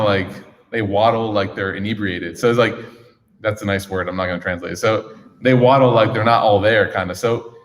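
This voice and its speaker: A man teaching a young audience in a casual, joking way, acting out little scenes as he talks, recorded in a large echoing hall. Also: fairly low pitch. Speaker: religious teacher. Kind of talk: lively talk to a young audience. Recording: echoey hall reverb.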